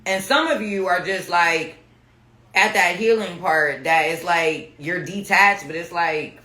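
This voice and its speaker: A woman's voice: lowish voice, measured pace, bright, forceful tone, slight background noise. A woman tarot reader chatting casually on a live stream at home, blunt and profane. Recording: roomy echo.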